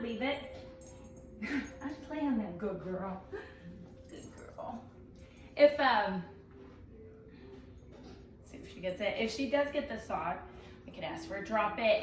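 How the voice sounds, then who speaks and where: A woman dog trainer explaining a training demonstration while playing, switching between excited praise and firm commands. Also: medium pitch, echoey room, distant mic, a little hiss or hum.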